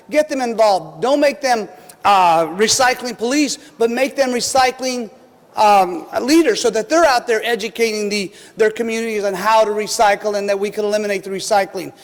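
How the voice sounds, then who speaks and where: A man giving an earnest, emphatic public comment at a city council hearing. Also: sits high. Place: large city council chamber. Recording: reverberant council chamber.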